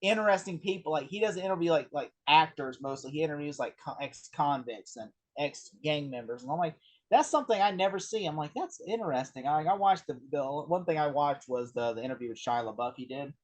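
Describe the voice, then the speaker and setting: A man in a casual film discussion, retelling behind-the-scenes stories in a rambling, animated way with lots of fillers. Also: a little high, a little fast. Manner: rambling, animated anecdote-telling with many fillers. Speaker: film review co-host.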